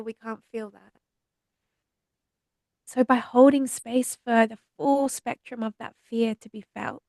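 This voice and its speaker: A woman guest on a podcast, teaching about healing in a slow, soothing, meditative cadence. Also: on the high side, gravelly, dry recording. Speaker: podcast guest, trauma healer. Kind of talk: spiritual teaching in conversation.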